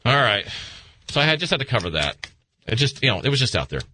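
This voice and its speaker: A man hosting a late-night talk radio show, talking through a rambling, animated monologue. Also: quick pace, no echo. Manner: animated, rambling, acts out voices in high pitch.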